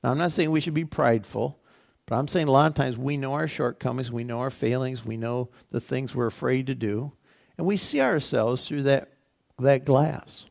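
A male pastor teaches a sermon conversationally, repeating phrases and asking the congregation rhetorical questions. His medium-pitched voice has vocal fry and a darkish tone, and he speaks at a moderate pace.

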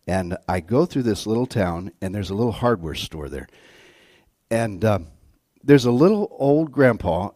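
A man preaching a sermon in an animated, storytelling way. He drops to quiet asides, then rises to loud bursts. His mid-range voice sits close to the mic with little room sound. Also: medium pitch, no room sound. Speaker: guest pastor.

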